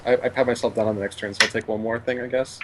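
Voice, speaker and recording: A man's voice: medium pitch, steady tone, very fast, noisy background. A man playing a tabletop game, hesitant and repeating words, laughing along. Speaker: player. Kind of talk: casual tabletop game play.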